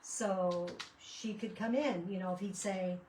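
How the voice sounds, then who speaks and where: A woman talks casually as she works on a craft project, wandering off into stories and restarting her sentences. She sits some way back from the microphone, so her voice sounds slightly distant. Her pitch sits in a middle range. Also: fairly even intonation, unhurried, darkish tone, a little hiss or hum. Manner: rambling, chatty, with frequent restarts. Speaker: craft vlogger. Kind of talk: casual chat while crafting. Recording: voice picked up from a distance.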